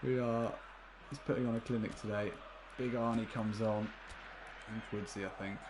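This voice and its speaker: A man's voice: fairly low pitch, steady tone, normal speed, noisy background. A man commenting live on a football video game, chatty and laughing often, swearing casually and talking to his viewers. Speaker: gaming livestreamer.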